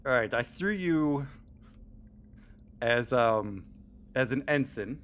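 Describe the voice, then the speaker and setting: A man's voice: mid-range voice, slow pace. A man narrating as game master of an online tabletop role-playing game, talking casually with fillers and restarts. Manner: relaxed, with many fillers and restarts.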